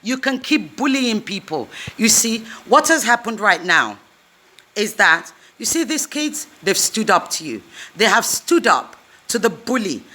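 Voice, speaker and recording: A woman's voice: medium pitch, very animated, a little slow, bright, forceful tone. A woman giving an indignant, emphatic address straight to the camera, repeating phrases for force. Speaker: activist. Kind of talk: impassioned video address.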